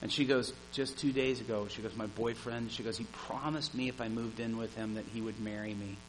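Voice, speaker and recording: A man's voice: lowish voice, fairly even intonation, a little fast, a little hiss or hum, poor audio. A man preaching a sermon, earnest and emphatic, retelling conversations and repeating phrases for emphasis. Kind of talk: sermon with storytelling.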